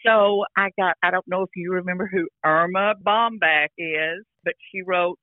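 An older actress chatting casually as an interview guest over a phone line, rambling with restarts and frequent "you know". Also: female voice, on the low side, fairly even intonation, moderate pace, no echo. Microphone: phone call.

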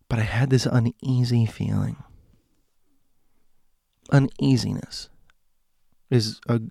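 A man casually telling a personal ghost story, halting and correcting himself as he goes. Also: mid-range voice, gravelly, a little mellow, no room sound, clean studio sound. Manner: halting, self-correcting, conversational.

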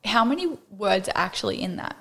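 A woman's voice: medium pitch, big pitch swings, fairly quick, vocal fry, pushed and bright. A young Australian woman co-hosting a podcast, chatting casually and laughing often. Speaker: podcast co-host. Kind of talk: casual chat.

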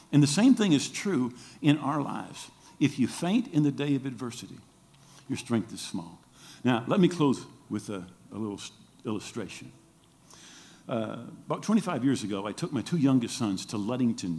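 A middle-aged man, a pastor preaching a sermon and telling a story, who acts out the voices he quotes. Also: normal speed. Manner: animated storytelling, acts out quoted voices with big pitch jumps.

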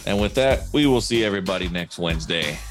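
A man hosting a podcast in relaxed casual chat, wrapping up the show. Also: low voice, quick pace, faint music behind. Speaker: podcast host.

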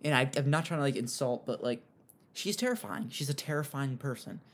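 A young man giving casual, rambling commentary on an online feud, with frequent fillers and animated asides. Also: medium pitch, a little fast, a little hiss or hum. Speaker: commentary host.

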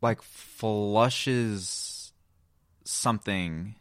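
Man, Texan accent, very deep voice, smooth, podcast co-host, rambling anecdotes. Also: extremely slow, fairly bright tone, no echo, clean studio sound. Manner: rambling storyteller, laughs often. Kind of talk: casual chat.

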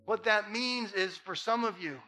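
A man preaching a Sunday sermon in a high, bright voice that rings with conviction. He builds his points through emphatic repetition and rises to impassioned peaks. Soft music plays faintly behind him. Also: measured pace. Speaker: pastor.

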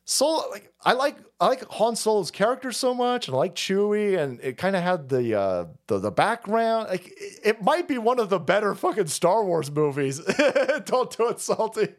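A man's voice: sits high, very animated, moderate pace, few pauses. A man hosting a live stream, ranting in profane, mocking comedic commentary and laughing often.

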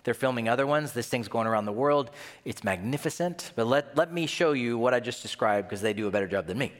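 Animated man preaching in an echoing hall. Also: mid-range voice, fast. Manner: animated, conversational, acts out scenes. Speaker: pastor. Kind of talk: sermon.

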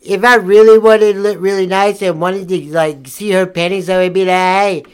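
A man's voice: high-pitched, level tone, fairly quick, clean tone. A man in crude improvised role-play banter, swearing constantly and flaring into angry outbursts. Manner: profane, hot-tempered outbursts.

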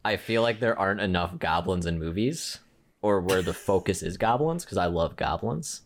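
A man with a very low voice chats casually on a podcast. He rambles through his idea with many fillers and restarts, acting out little quoted voices along the way. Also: animated, moderate pace. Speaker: podcast co-host. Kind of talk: casual chat.

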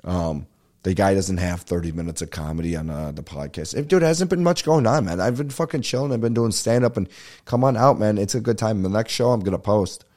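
A man's voice: sits low, a little fast, darkish tone. A young man hosting a comedy podcast, rambling and swearing in a laid-back, casual way. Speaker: podcast host and stand-up comedian. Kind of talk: casual solo podcast chat.

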